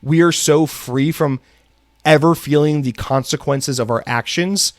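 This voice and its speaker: An American man hosts a solo podcast, ranting angrily and swearing a lot before moving on to read the news. His voice is on the high side and unhurried. The recording is dry.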